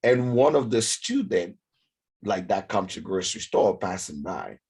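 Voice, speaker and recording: A man whose first language is French, telling a lively story as an interview guest and acting out the voices of the people in it. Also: on the low side, unhurried, slightly rough. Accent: French-speaking African. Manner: animated, acts out voices in his story.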